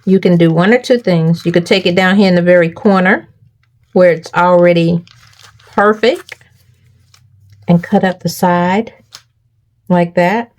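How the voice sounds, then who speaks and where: A woman's voice: lowish voice, unhurried, pauses often, a little mellow. A woman hosting a crafting tutorial, walking viewers through each step and checking in with them often.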